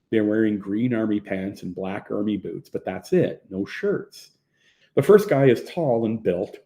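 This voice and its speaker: A man narrating his own memoir as an audiobook in a plain, low-key manner. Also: mellow. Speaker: author reading his own book.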